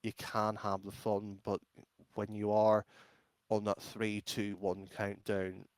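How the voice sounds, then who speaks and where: A man's voice: lowish voice, completely flat delivery, slow, smooth, no room sound. Blunt rambling Irish man, dry mic. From Ireland. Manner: rambling, blunt, lots of fillers and restarts. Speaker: esports caster, podcast guest. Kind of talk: casual interview chat.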